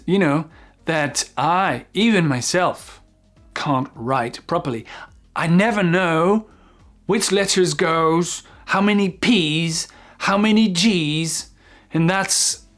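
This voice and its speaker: A French teacher speaking slow, careful English. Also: male voice, on the high side, fairly bright tone. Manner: slow, carefully articulated, with frequent ums. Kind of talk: casual video lesson.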